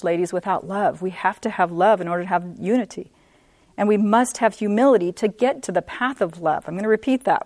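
A woman teaching a women's Bible study, earnest, repeating points for emphasis and reading scripture slowly. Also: mid-range voice, a little mellow, no echo.

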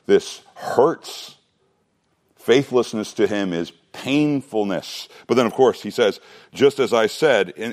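A man's voice: lowish voice, a little mellow. A man preaching a sermon, earnest and emphatic, often restarting words and asking rhetorical questions.

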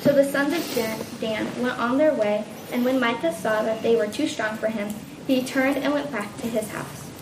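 A woman reading a long scripture passage aloud in a steady, even manner. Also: on the high side, normal speed, few pauses. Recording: roomy, distant from the mic, noisy.

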